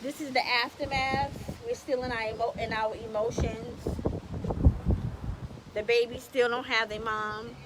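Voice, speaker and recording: A woman with a high voice speaks to a crowd at a street protest, her tone subdued and steady. She is recorded outdoors in the city, with plain street noise around her voice. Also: unhurried. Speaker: protest organizer, aunt of the deceased.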